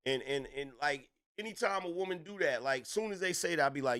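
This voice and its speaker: A man's voice: a little high, animated, fairly quick, pushed and bright. A middle-aged man giving an opinion commentary monologue, emphatic and repetitive, lecturing with rhetorical questions.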